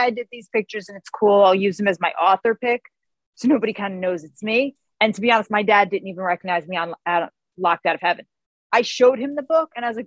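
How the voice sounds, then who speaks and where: A woman author as a podcast guest, telling family stories in an animated way and acting out what people said. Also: medium pitch, no echo. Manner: animated storyteller who acts out quotes. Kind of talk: casual interview chat.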